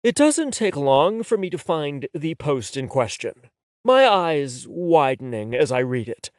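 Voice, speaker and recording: A man narrates a first-person romance with a wry, expressive read. His voice sits a bit high and moves a lot in pitch. The recording is dry and close to the mic. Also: a little slow, no room sound. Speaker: audiobook narrator.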